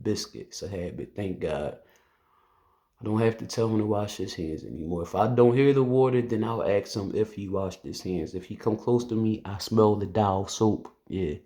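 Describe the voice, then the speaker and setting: A man's voice: on the low side, normal speed, dark tone. Police officer guy telling a story straight to camera, earnest, loose, talks like a friend. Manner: earnest, conversational, loose speech with restarts.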